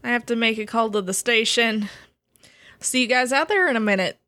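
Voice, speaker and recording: A woman voicing a big, gruff but friendly male park ranger in a tabletop game, in a relaxed, casual way. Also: a little high, fairly quick, dry recording, clean studio sound. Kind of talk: tabletop role-play.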